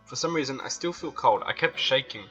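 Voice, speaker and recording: Bright-voiced young man reading a game aloud. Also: medium pitch, a little fast, soft background music. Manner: reads narration, then breaks out in excited, flustered reactions. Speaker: gamer reading a visual novel aloud.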